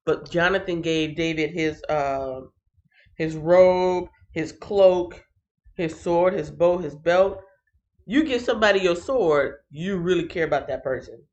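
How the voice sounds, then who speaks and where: A woman's voice: fairly low pitch, a little slow, darkish tone, lo-fi sound. A woman hosting a casual Bible reading livestream from her phone, greeting viewers by name and recapping chapters playfully. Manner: playful, reads chat comments aloud, sings and laughs.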